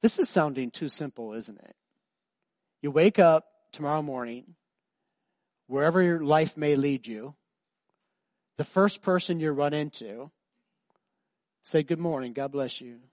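Pastor preaching a sermon. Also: male voice, fairly high pitch, unhurried, long pauses, dry recording, clean studio sound. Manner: storytelling, builds to loud emphatic preaching.

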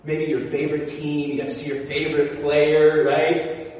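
A male pastor preaching a sermon, telling stories with animated energy and dropping into quiet emphasis. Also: a little high, normal speed. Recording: echoey hall from far off.

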